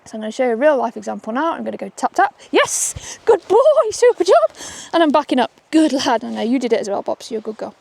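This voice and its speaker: Upbeat female dog trainer, slightly high voice, filmed outdoors on a walk. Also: racing, vocal fry, hardly any pauses, a little mellow. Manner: chatty, upbeat, keeps asking "okay?". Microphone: camera she holds while walking.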